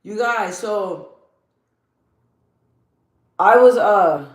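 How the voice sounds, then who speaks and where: While doing her makeup at home, a vlogger with a deep, bassy voice, deep for her by her own account, speaks directly to her viewers extremely slowly. She's blunt, slangy and motivational, repeating phrases for emphasis, and the room gives a noticeable echo.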